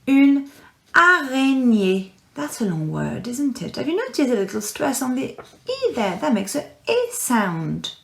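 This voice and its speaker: A woman teaching French to young children in a recorded lesson, speaking clearly and encouragingly and repeating words for her pupils. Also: a little high, wildly swooping pitch, normal speed, darkish tone. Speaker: primary school French teacher. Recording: echoey room.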